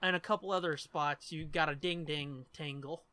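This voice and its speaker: A man's voice: fairly high pitch, steady tone, moderate pace, pushed and bright, clean tone, no echo. A man co-hosting a casual movie commentary podcast, joking, swearing freely and asking questions. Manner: joking, profane, asks questions. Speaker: podcast co-host.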